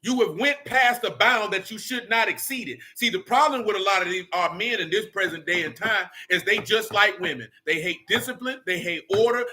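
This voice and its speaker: A man's voice: high voice, pushed and bright. A man leading a casual Bible study, blunt and slangy as he preaches and rants.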